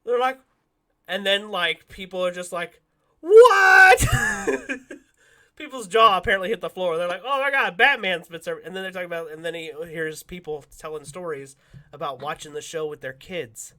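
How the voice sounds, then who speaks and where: Bright animated man telling a story. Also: high voice, brisk. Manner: animated, acts out quotes with loud bursts and laughs. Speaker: podcast co-host. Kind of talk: casual storytelling chat.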